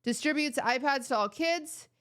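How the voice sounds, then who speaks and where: Young woman streamer rambling and joking to chat, kinda high voice, playful mock outrage. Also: normal speed, fairly bright tone. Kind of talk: casual chat with chat viewers.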